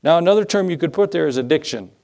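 A man's voice: fairly high pitch, animated, fast, creaky, a little mellow. A male pastor preaching a conversational sermon, acting out little dialogues and asking the congregation rhetorical questions.

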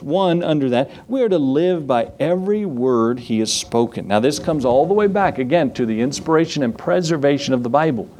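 A man's voice: medium pitch, a little mellow. A man teaching a Bible study in a folksy way, reading scripture aloud and asking his listeners questions.

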